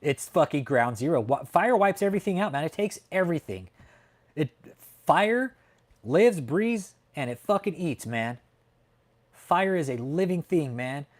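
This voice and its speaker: A man's voice: fairly high pitch, a little mellow. A man from California hosting a casual livestream chat, talking in a heated, profane, emphatic way and often tacking on "man". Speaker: livestream host. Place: home in Texas.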